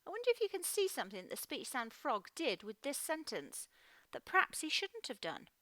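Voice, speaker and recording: A woman teaching a phonics lesson to children, sounding out words slowly and clearly. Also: sits high, huge pitch swings, pushed and bright, dry recording.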